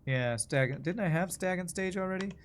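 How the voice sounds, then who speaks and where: A man's voice: high-pitched, normal speed, clear, resonant tone. A man streaming a puzzle game, muttering and thinking aloud to himself and his chat. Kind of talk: casual gameplay commentary.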